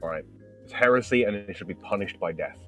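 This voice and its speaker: A man's voice: lowish voice, fast talker, fairly bright tone, soft background music. A man chatting casually as a guest, swearing freely in mock-outraged banter. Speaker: co-host guest. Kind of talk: casual chat.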